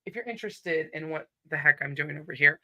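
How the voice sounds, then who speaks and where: A woman's voice: sits low, fast, pushed and bright, dry recording. A woman with a Southern accent hosting a casual live stream from home, chatty and upbeat as she greets viewers and reads their comments.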